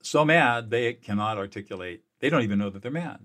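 A man with a fairly low voice explains things as an interview guest who works as a mediator. He talks with energy and emphasis. He often restarts his sentences and repeats words as he pushes his points. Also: animated, a little fast, fairly bright tone. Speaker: mediator and peacemaker.

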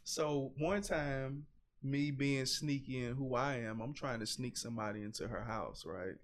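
A man with a drawl tells a story on a podcast as a guest, in a casual, unpolished way. He rambles with plenty of "you know" and "man" and swears freely. His voice sits at an ordinary middle pitch. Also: measured pace. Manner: candid, rambling, profane, with frequent fillers.

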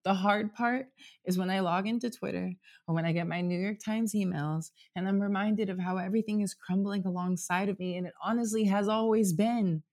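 A man's voice: high voice, fairly even intonation, brisk, darkish tone. A man in his thirties talking candidly and at length as a guest, rambling with lots of "like" and casual swearing, recorded at home. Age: 30s. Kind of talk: casual heartfelt conversation. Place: home apartment.

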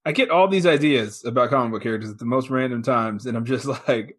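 A man's voice: mid-range voice, fast, a bit bright, breathy edge. Chatty man, friendly podcast banter. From Kansas. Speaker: podcast co-host. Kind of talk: casual chat.

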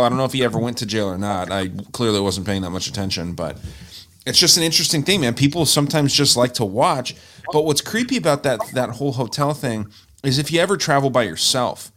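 A man's voice: mid-range voice, a bit bright. A young man co-hosting a podcast, talking in a loose, rambling way and swearing freely. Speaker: podcast co-host. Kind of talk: casual chat.

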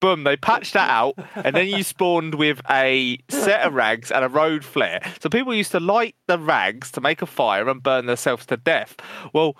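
A man's voice: on the high side, animated, moderate pace, few pauses, bright, forceful tone, no room sound. A man co-hosting a casual gaming podcast, swearing freely and laughing as he tells trolling stories. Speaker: podcast co-host.

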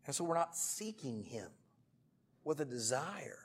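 A man in his thirties preaching a sermon to a church group, telling jokey stories and breaking into sudden loud bursts. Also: medium pitch, sing-song, a little slow, slightly rough. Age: 30s. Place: church meeting room.

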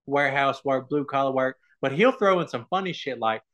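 A man's voice: medium pitch, animated, fairly quick, fairly bright tone. A man talking casually as a podcast guest, swearing freely and laughing as he tells stories about fans. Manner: swears a lot, laughs while telling stories. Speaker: guest, online comedian.

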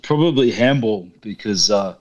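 Male guest on a call-in, relaxed, lowish voice. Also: normal speed, muffled recording. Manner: easygoing, laughs, says mate often. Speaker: guest calling in. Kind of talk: casual chat on a call.

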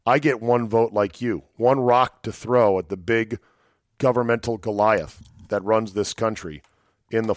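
A man's voice: no echo, clean studio sound. A man hosting a solo podcast, casual and profane, with sarcastic, mock-dramatic asides. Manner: sardonic, mock-dramatic asides with sudden pitch jumps; profane and conversational. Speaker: podcast host.

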